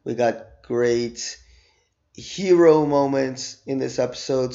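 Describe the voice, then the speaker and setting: A man's voice: medium pitch, slow, creaky, highs cut off. A man giving a casual, emphatic spoken review while losing his voice after being sick. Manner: animated, emphatic, repeats words for stress. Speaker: show reviewer.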